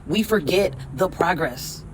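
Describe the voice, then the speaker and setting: A woman hosting a spiritual podcast, reading tarot cards and giving a blunt, emphatic pep talk full of swearing, then repeating affirmations slowly. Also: fairly low pitch, animated, a little hiss or hum.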